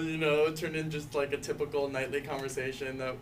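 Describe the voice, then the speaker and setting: This young activist intern talks a little fast with few pauses, his high-leaning voice barely moving in pitch. He recounts coming out in a relaxed way, peppered with "like" and "you know" and light laughter. Faint background noise comes through the distant mic.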